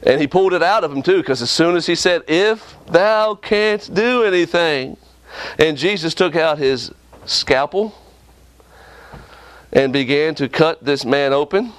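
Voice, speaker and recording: A man preaching a sermon with impassioned delivery, often jumping up and down in pitch for emphasis. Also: a little slow, pauses often.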